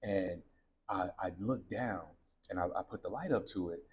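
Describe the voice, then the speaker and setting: A man's voice: sits low, normal speed, darkish tone, husky, dull audio. A man in his thirties, a podcast host, candidly telling a personal story to his listeners in a conversational way. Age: 30s.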